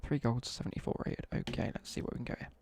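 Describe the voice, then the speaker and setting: A man's voice: quick pace, darkish tone, a little hiss or hum. A young man with an English Midlands accent, rambling through slangy school stories and chatting to viewers while he streams a game. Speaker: live streamer. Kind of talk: casual chat while gaming.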